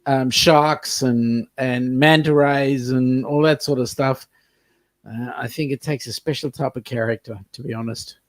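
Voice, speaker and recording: A man's voice: medium pitch, fairly even intonation, measured pace. A man from Australia, a guest on a casual online chat, making dry joking remarks.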